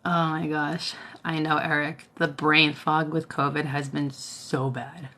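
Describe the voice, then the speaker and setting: A woman's voice: sits low, little pitch movement, unhurried, bright, forceful tone. A tired woman chatting casually on a live stream, telling stories and laughing often. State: tired, worn out. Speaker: Reiki healer hosting a live stream.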